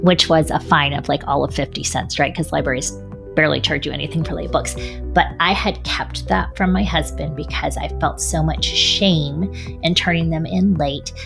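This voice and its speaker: A woman's voice: sits low, steady tone, moderate pace, creaky, music in the background. A middle-aged woman sharing her faith story in an earnest, reflective way, an author and speaker. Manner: earnest, reflective, with soft laughs. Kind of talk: personal faith testimony.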